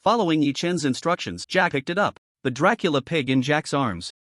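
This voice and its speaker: A man's voice: a little high, animated, moderate pace, fairly bright tone, dry recording, studio quality. A man narrating a fantasy story recap in a scripted storytelling delivery.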